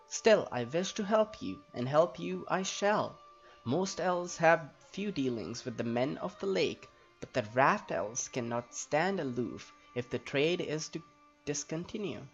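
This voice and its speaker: A man reading aloud the lines of a proud, helpful female raft elf trader in a fantasy game, in a stately tone. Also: a little high. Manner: stately read-aloud dialogue. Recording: slightly dull audio, faint game music.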